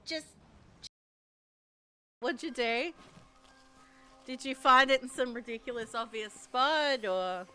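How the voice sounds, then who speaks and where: A woman streaming a video game, chatting casually and playfully, giggling often and scolding the game out loud. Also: sits high, slow, long pauses, clean tone. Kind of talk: casual gameplay commentary.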